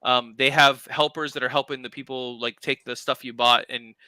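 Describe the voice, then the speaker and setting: A young man chatting on a livestream with a very bright, crisp voice. He rambles excitedly, full of fillers and false starts, into a dry close webcam mic. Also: medium pitch, normal speed, no room sound, poor audio. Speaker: livestream co-host, crystal maker. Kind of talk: casual livestream chat.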